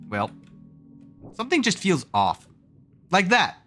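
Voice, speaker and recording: A young man streaming a game, talking to chat in a chatty, self-mocking way. His voice sits a little high, swinging widely in pitch, with a bright, forward tone. Faint music plays in the background. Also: very animated, a little slow. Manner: chatty and self-mocking, laughs often, reads chat aloud; counts jump timing aloud in a rhythmic sing-song. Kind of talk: casual gaming livestream chat.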